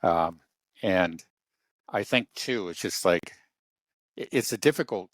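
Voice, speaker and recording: A man talking through a casual political discussion, halting often with fillers and restarts. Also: low-pitched, expressive, dry recording.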